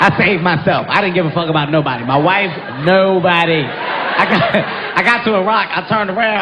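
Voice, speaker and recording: An excitable male stand-up comedian with a high, lively voice, storytelling in loud, punchy bursts and shouting his punchlines. The sound is muffled and dull, with steady noise under it from a live stage recording. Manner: animated, loud punchy delivery with frequent laughter and shouted punchlines.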